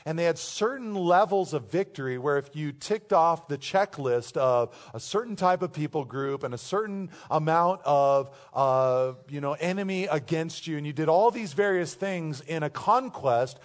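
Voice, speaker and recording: A man preaching a sermon, moving between emphatic proclamations and relaxed, chatty storytelling. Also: fairly high pitch, normal speed, hardly any pauses. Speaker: pastor; youth softball coach.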